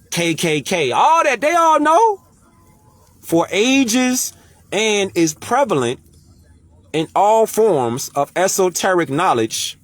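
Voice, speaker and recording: Animated, preachy man with slang. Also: on the high side. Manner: emphatic, rhetorical questioning, slangy and profane. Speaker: online commentator. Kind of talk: casual monologue.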